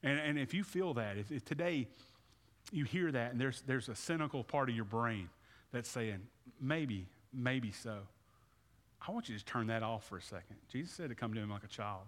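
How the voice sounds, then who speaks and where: A man's voice: medium pitch, a little fast, a bit bright. A man in his thirties preaching a conversational sermon, with frequent restarts and repeated words as he calls people forward. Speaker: pastor. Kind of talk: sermon with altar call. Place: church sanctuary. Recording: reverberant hall.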